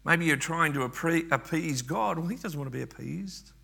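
Gravelly, bright-voiced male preacher. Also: on the high side, normal speed. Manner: earnest, repeats words and restarts often. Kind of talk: sermon.

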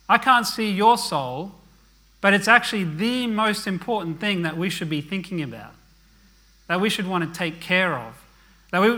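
A man's voice: high voice, pushed and bright. A man preaching a sermon in an earnest, conversational way, dropping to a murmur at the ends of phrases. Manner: earnest, conversational preaching with frequent "okay?" asides.

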